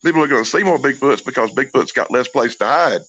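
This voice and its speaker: A man's voice: mid-range voice, fast, breathy edge, no echo, muffled recording. A man telling stories in casual, profane chat, acting out the people in them. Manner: profane, animated storyteller who acts out the people in his stories. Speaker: guest storyteller.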